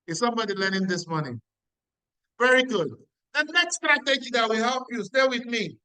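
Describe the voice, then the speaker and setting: A man's voice: very high-pitched, animated, fairly quick, bright, forceful tone, clear, resonant tone, no echo, low-quality recording. A middle-aged man with a Nigerian accent giving an emphatic motivational talk as a business mentor, repeating lines and asking the audience questions. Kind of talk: motivational talk at a weekly meeting.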